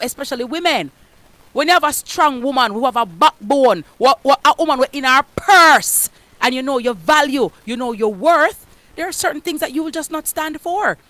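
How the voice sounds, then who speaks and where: A Jamaican woman speaks in an emphatic, preaching way, slipping in and out of patois. Her voice sits on the higher side, and the sound is dry and close with no room around it. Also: no room sound. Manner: forceful, emphatic, mixes patois into her speech. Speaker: radio host, guest speaker. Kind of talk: motivational preaching.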